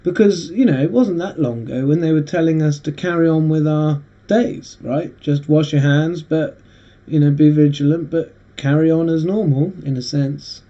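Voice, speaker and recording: A man hosting a casual monologue, rambling and halting with frequent restarts. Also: fairly high pitch, mellow. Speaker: host. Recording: dull lo-fi recording.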